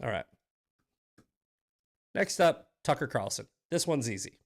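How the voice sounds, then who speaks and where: A man's voice: mid-range voice, big pitch swings, measured pace. A man hosting a live political commentary stream, fired-up and profane, often restarting his sentences. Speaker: host.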